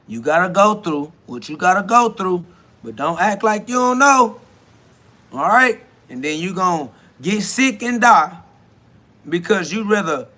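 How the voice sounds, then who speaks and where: A man's voice: high-pitched, bright, forceful tone. A man hosting a self-talk podcast live, preaching in an emphatic, casual monologue full of street slang. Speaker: podcast host.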